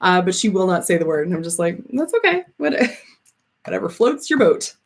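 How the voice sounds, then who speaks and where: Thirtysomething canadian woman on a chill livestream, lowish voice, swears a ton and laughs at chat. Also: lively intonation, normal speed, vocal fry. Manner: swears freely, frequent laughs, reads out chat comments. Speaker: streamer chatting with live viewers.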